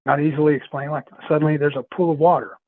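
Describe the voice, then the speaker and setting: Podcast guest, male, slightly higher voice, loose rambling storyteller, dry phone-line sound. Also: fairly even intonation, fast talker, no room sound. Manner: rambling, repeats himself, laughs often. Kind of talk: casual storytelling chat.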